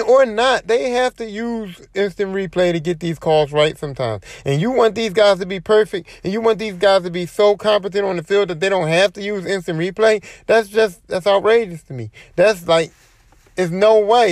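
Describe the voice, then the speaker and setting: A young man hosting a podcast, ranting casually and profanely, with his pitch climbing on rhetorical questions. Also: dry recording, studio quality. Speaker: podcast host. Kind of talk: casual opinion rant.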